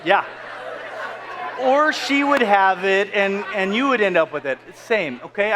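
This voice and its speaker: A man's voice: high voice, sing-song, measured pace, long pauses. A man in his thirties preaching a casual, joking sermon full of asides to the congregation. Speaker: pastor. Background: faint crowd.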